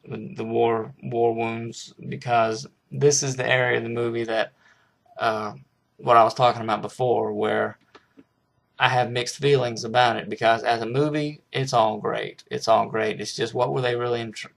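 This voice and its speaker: A man's voice: medium pitch, vocal fry. A man casually reviewing a film, rambling with frequent restarts and hesitations.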